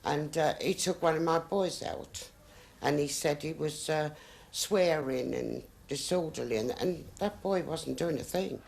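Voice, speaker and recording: Gravelly middle-aged man. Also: a little high, measured pace. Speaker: football supporter.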